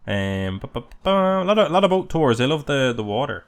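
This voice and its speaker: Male podcast co-host, mid pitch, animated and wry. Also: brisk, clean tone. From Ireland. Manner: wry, jokey, reads aloud from a website. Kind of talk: casual chat.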